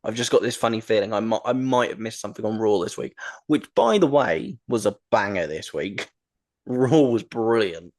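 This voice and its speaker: Here a man hosts a wrestling podcast in a lowish, slightly mellow voice that is expressive and moderately paced. He talks casually and eagerly, wandering off track and peppering his speech with ums and restarts.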